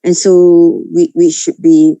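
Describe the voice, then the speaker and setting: A woman's voice: lowish voice, level tone, slow, mellow, no room sound, highs cut off. A woman student asking her teacher a question in class, hesitant and restarting her sentences often.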